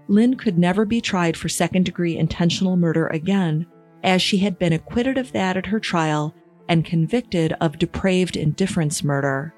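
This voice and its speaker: A woman giving scripted true-crime podcast narration in a measured, even storytelling manner. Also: lowish voice.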